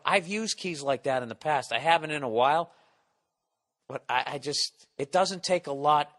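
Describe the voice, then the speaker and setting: A man's voice: mid-range voice, fairly bright tone, in a large hall. A man hosting a podcast, telling a comic story in a profane rant and acting out his own outbursts. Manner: ranting, swears constantly, acts out his own outbursts. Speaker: podcast host. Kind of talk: profane comedic storytelling monologue.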